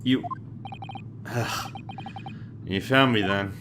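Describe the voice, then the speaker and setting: A man's voice: lowish voice, very slow, background noise. A man doing a flustered young law student. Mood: panicked. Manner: flustered, stammering.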